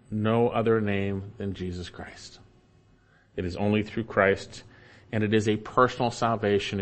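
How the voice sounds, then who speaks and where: A man preaching a sermon as pastor, reading scripture aloud and explaining it verse by verse, his pitch rising sharply on the points he stresses.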